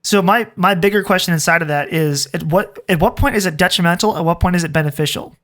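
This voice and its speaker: A man's voice: sits high, fast talker, fairly bright tone. A man who hosts a podcast and is a father of a toddler, chatting casually and rambling a little as he tells a story and asks questions.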